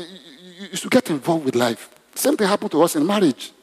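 Lively husky preacher in a hall. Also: male voice, a little high, fairly quick, few pauses. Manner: conversational, asks the congregation questions. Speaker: pastor. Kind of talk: sermon. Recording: long hall reverb.

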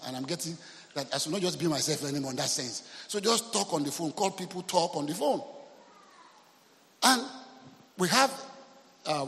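Nigerian pastor preaching in a reverberant hall. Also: male voice, a little high. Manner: storytelling, animated, mixing in Yoruba phrases. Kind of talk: sermon. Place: church hall.

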